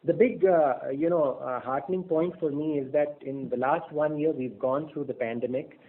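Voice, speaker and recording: A man presenting as a bank executive on an earnings call, speaking in in a measured way, with frequent fillers and restarts. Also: fairly high pitch. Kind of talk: business presentation on a conference call. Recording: phone-line audio.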